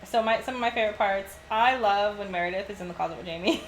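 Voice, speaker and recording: A woman co-hosting a casual book-review podcast, chiming in with quick agreement and her own takes. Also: medium pitch, slight background noise, poor audio. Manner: agreeable, chimes in with quick affirmations. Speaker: podcast co-host.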